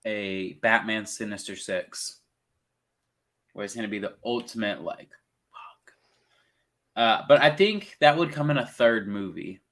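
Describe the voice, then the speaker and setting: A young man co-hosting a casual movie review chat, rambling and excitable, with the odd swear word. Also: fairly low pitch, measured pace, long pauses. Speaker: podcast co-host.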